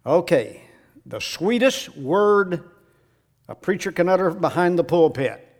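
A man preaching a sermon in a dramatic way, dropping to a hush and then rising to shouts. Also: sits high, animated, takes it slowly. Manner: dramatic, swings from hushed to shouting.

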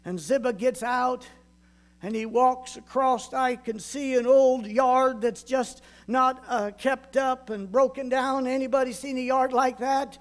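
A male preacher delivering a storytelling sermon, vividly retelling a scripture story and asking the congregation rhetorical questions. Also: extremely high pitch.

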